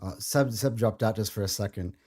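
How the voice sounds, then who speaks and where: A man hosts a football podcast in a lowish, slightly mellow voice, talking a little fast. His casual chat is friendly and enthusiastic, full of restarts.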